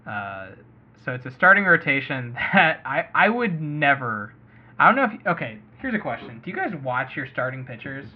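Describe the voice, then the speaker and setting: A fantasy baseball podcast host, husky and medium-pitched, talks at a normal speed with big swings in pitch. He's chatty on this casual sports show, thinking aloud and hedging a lot. The audio is muffled and lo-fi.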